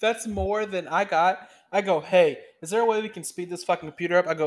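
A man co-hosting a podcast, telling work stories in animated, swear-heavy casual chat. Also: high-pitched, brisk. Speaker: podcast co-host.

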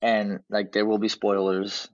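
A man co-hosting a podcast over a remote line, talking in an animated, blunt way. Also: lowish voice, unhurried, lo-fi sound. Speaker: podcast co-host. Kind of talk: casual chat.

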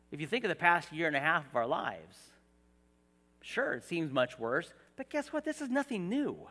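A middle-aged male pastor preaching a sermon in a church, animated, swinging from soft asides to shouted emphasis. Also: fairly high pitch, big-room sound. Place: church hall.

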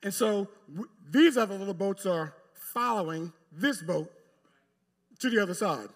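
The pastor, a man with a high, expressive voice, addresses the pews directly as he preaches to a live congregation in church. His delivery is emphatic and marked by long pauses.

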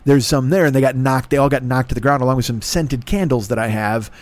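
A middle-aged man hosts a podcast, telling a long story in a rambling, sardonic, heavily profane monologue. His voice is mid-range and quick-paced, and the recording is dry.

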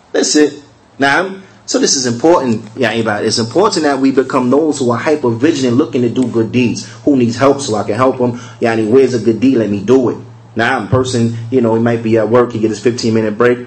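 In a low-quality recording, a male religious teacher with a medium-pitched voice gives a lesson that feels like conversation. Key phrases come back again and again, rhetorical questions are frequent, and he eases his pace when spelling out verses.

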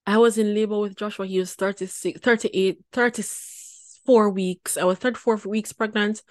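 A woman in her forties tells a personal story with lively energy. She laughs often and repeats words for emphasis. Her mid-pitched voice sounds close and dry, with no room echo. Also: normal speed. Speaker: wellness show host.

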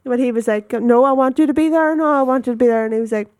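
A young Northern Irish woman on a podcast, telling stories in a high, bright voice. She talks fast and excitably, and the recording is close and dry. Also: no room sound. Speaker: podcast co-host. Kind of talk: casual chat.

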